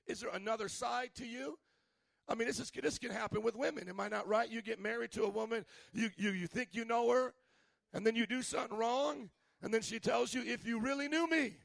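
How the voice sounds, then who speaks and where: A pastor in his thirties delivers a lively, joking sermon and sometimes shouts. His voice is high and strongly gravelly. The recording is dry and close. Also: fairly quick, dry recording. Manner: animated and humorous, at times shouting.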